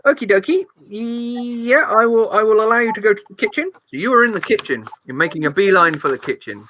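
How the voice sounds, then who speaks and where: A woman's voice: a little high, expressive, fairly quick, background noise. A woman running a tabletop game as game master, narrating scenes with playful description and small slips.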